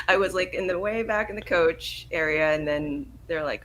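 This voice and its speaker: A woman's voice: fairly low pitch, huge pitch swings, a little slow, fairly bright tone, a little hiss or hum, low-quality recording. A woman in her thirties with a mixed American and British accent, chatting as an actress guest in an interview and laughing often. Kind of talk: casual interview chat.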